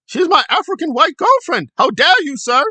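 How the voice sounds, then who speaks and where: A man doing a high, shrill, indignant protester voice that he lampoons. The voice is pitched well above his own and sounds loud and bright, with a theatrical sense of outrage. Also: sing-song, moderate pace, dry recording, exaggerated voice. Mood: outraged.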